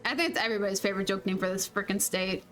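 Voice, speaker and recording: A woman's voice: mid-range voice, very fast, fairly bright tone, faint music behind. A woman streaming a video game, chatting casually with viewers, laughing often and swearing playfully. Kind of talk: casual gameplay chat.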